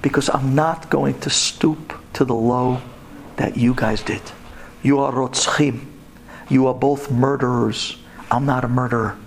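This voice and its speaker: A man plays a deeply wounded grown man, bitter and unforgiving. He speaks in a lowered, slow, measured voice, firm and steady. The tone is resolute. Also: a little hiss or hum, close to an everyday voice.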